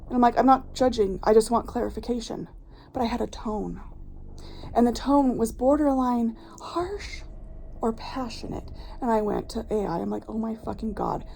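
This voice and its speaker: A woman's voice: on the high side, moderate pace, creaky, mellow, slight background noise, low-quality recording. A woman vlogger telling a personal story in a blunt, passionate, candid way, swearing freely. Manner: candid, recounting events with strong feeling. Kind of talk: casual vlog storytime.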